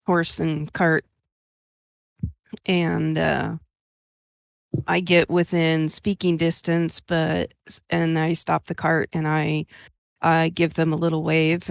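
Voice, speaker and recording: A woman player describing her character's actions in a tabletop game, halting with fillers. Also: sits low, flat delivery, gravelly, dry recording, studio quality.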